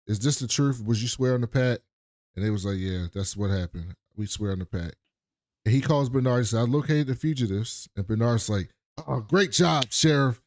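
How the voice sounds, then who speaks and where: A man's voice: lowish voice, fairly quick, no echo. Man animatedly recapping a TV episode. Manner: animated retelling, acts out characters' lines with profanity. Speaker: podcast co-host. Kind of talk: casual TV recap chat.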